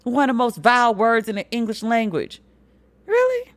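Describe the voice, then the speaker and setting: A woman hosts a solo commentary podcast. She is blunt and profane, and her voice jumps high when she makes a point. The sound is dry and close to the mic. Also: a little fast, dry recording. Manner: animated, swings pitch high for emphasis. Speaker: podcast host.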